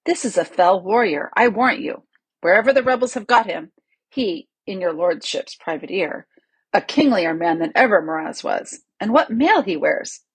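A woman reading the part of a cunning, smooth-talking male lord with a measured, insinuating manner. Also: mid-range voice, lively intonation, dry recording.

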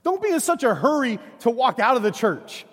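A middle-aged man preaching a sermon, telling a family story in a lively, conversational way. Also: very high-pitched, a little fast, breathy edge. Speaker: pastor. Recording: long hall reverb.

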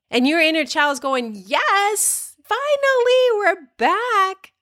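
A woman hosting a spiritual podcast, talking in an earnest, emphatic way and repeating phrases for emphasis. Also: a little high. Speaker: podcast host and spiritual coach. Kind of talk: inspirational podcast monologue.

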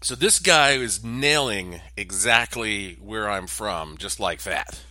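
Low-voiced man with a North Carolina accent. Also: slow pace, dry recording. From Asheville, North Carolina. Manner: relaxed, rambling anecdote with asides. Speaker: vlog host. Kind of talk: casual storytelling monologue.

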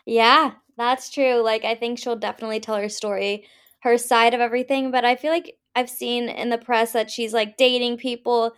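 A woman's voice: on the high side, little pitch movement, moderate pace, fairly bright tone, smooth. A young woman co-hosting a podcast, chatting bluntly and swearing freely while she trades gossip and questions. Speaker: podcast co-host. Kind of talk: casual gossip chat.

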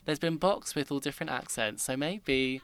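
Guy hosting a chatty theatre podcast, mid voice, super excited fan energy, dry sound. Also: mid-range voice, normal speed, clean tone, no echo. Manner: enthusiastic, gushing fan talk. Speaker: podcast host. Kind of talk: casual interview chat.

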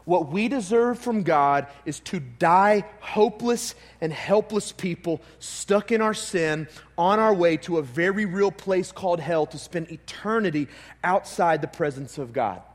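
A man with a high voice, preaching to his congregation in a relaxed, conversational way and often restarting his sentences. His voice carries a long reverb from the church hall around him. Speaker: pastor. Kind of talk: sermon.

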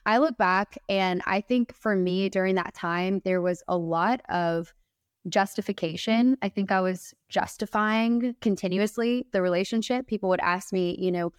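A woman's voice: medium pitch, normal speed, clear, resonant tone, dry recording, studio quality. A young woman guest telling a heartfelt faith story in a candid, earnest way. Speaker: podcast guest.

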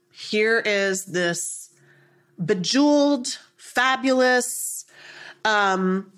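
A woman hosting a podcast, chatting casually and telling stories with frequent laughter. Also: mid-range voice. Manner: animated storyteller, laughs often. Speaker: podcast host.

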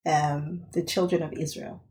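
A woman's voice: deep voice, little pitch movement, measured pace, darkish tone. A woman in a casual faith chat, playful and laughing a lot as she acts out voices. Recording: roomy echo.

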